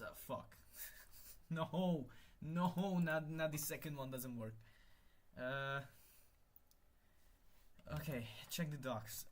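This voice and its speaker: A young man live-streaming while he works at his computer, thinking out loud, muttering to himself and swearing when things break. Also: medium pitch. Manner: thinks aloud, mutters, swears, exasperated then laughing. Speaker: conlang streamer.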